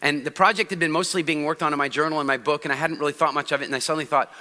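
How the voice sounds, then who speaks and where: A man giving a motivational talk on a conference stage, lively and asking the audience questions. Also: fairly high pitch, rapid-fire. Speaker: conference speaker. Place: large hall on stage. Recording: long hall reverb.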